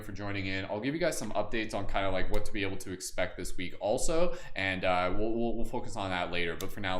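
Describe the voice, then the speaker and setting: A man hosting a live-streamed group meditation, reading chat comments between slow, soothing guidance and laughing easily. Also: on the low side, a bit bright. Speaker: meditation host. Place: indoor room, live stream. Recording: echoey room with faint ambient noise.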